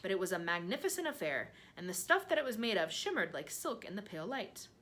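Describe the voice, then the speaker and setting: Animated woman reading a storybook aloud. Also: mid-range voice, fast talker. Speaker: reader. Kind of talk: expressive children's read-aloud narration.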